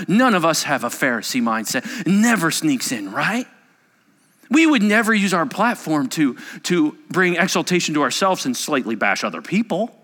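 Male pastor mid-sermon; emphatic, joking delivery, bright forceful tone, wide swings in pitch. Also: in a large hall.

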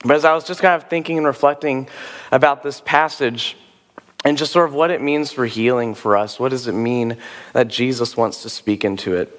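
A hoarse man preaches a short teaching, casual and a little self-deprecating, his voice falling low at the ends of phrases. His voice carries a long reverb from the church room around him. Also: steady tone, normal speed. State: hoarse after a nap. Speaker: pastor. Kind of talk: sermon teaching. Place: church sanctuary.

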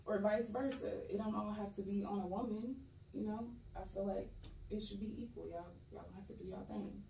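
A woman's voice: medium pitch, fairly even intonation, brisk, vocal fry, mellow. Laid-back young woman, candid. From California. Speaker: actress guest. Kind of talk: casual interview chat. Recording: roomy echo, voice a bit far from mic, faint noise.

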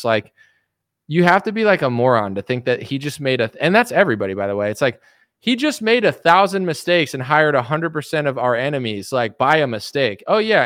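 A young man hosting a casual commentary stream, blunt and boastful as he rants. His voice is mid-pitched and sounds dry and close. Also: fairly bright tone, dry recording. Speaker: online commentary host.

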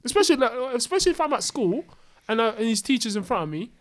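A woman's voice: on the high side, very animated, quick pace. Slangy, emphatic woman in casual chat. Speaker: parent.

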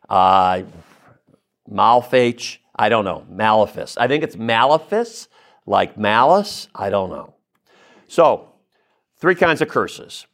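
A man's voice: lowish voice, fairly bright tone. A man giving a conversational religious teaching, addressing listeners directly with frequent asides and checks like "okay?". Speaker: Catholic teacher or preacher. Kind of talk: spoken teaching talk.

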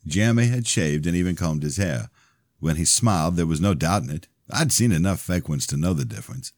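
A man reading his own novel aloud as a podcast host, in steady, even first-person narration. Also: deep voice, fairly quick, no room sound, studio quality.

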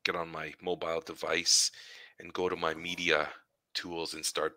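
Deep, bright-toned man telling stories. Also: flat delivery, normal speed, dry recording. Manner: rambling storyteller, laughs often. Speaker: podcast co-host. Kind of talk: casual chat.

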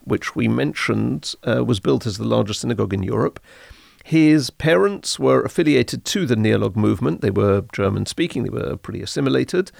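A man, explaining history in a measured, informative podcast conversation. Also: medium pitch, vocal fry, no echo, studio quality. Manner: measured, informative, uses Hebrew terms. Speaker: history podcast guest expert.

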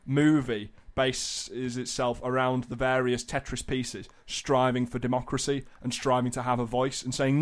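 Man, playful rambler, casual comedic chat, average pitch. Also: little pitch movement, moderate pace, few pauses. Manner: rambling, playful, puts on silly voices.

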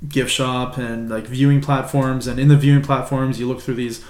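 A man's voice: medium pitch, little pitch movement, moderate pace, darkish tone, roomy sound. A man co-hosting a podcast, telling a childhood story in a loose, rambling way and swearing freely. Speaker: podcast co-host. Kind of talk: casual chat, storytelling.

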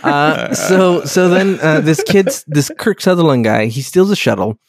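A man's voice: on the high side, a little slow. A man casually retelling a story in a podcast chat, rambling and profane, laughing often.

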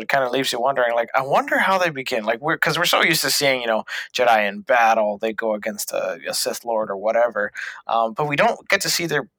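A man's voice: mid-range voice, sharp tone, no room sound, poor audio. A man co-hosting a casual talk show, speaking hesitantly with many fillers and restarts. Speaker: podcast co-host. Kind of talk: casual chat.

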